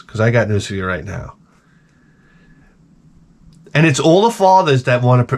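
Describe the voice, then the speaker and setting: A man telling stories in a casual, profane monologue, animated and acting out the people he quotes. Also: on the low side. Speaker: video creator.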